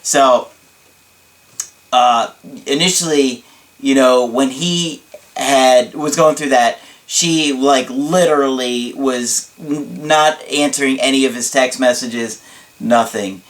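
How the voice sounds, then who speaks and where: A man's voice: medium pitch, slow pace. A man speaking as a relationship coach in a casual talk to camera, chatty and laughing often. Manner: chatty, laughs often, frequent tag questions.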